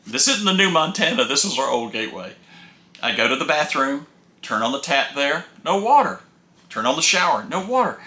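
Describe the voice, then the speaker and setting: A man's voice: medium pitch, very animated, normal speed, bright, forceful tone, roomy sound. A man telling casual first-person stories from his travels with an RV, folksy and rambling, often repeating words as he goes.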